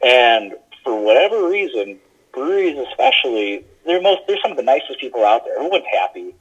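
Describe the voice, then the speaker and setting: A man's voice: medium pitch, very animated, a little fast, breathy edge. Chatty man on muffled lo-fi audio. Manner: chatty, with frequent fillers and restarts. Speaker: podcast guest. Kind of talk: casual conversational storytelling.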